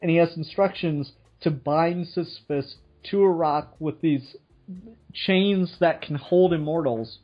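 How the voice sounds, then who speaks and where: Unhurried and a little high-voiced, this man co-hosts a relaxed podcast chat. He tells a myth in a meandering, profane way, laughing throughout, over dull lo-fi audio.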